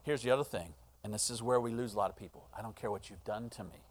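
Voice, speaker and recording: A middle-aged male pastor delivering a sermon, swinging between hushed, earnest lines and loud, impassioned ones. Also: fairly low pitch, fast talker.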